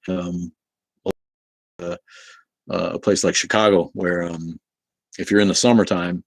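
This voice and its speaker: A man's voice: low voice, level tone, a little slow, pauses often, no echo. A man from Boston hosting a casual livestream, rambling, swearing freely and answering chat comments. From Boston, New England. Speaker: livestream host.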